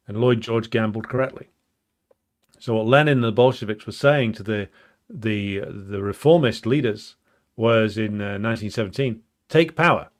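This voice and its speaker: A man giving an unscripted, explanatory talk on political history, thinking aloud with frequent ums and restarts and a blunt, emphatic edge. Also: fairly low pitch. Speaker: political commentator.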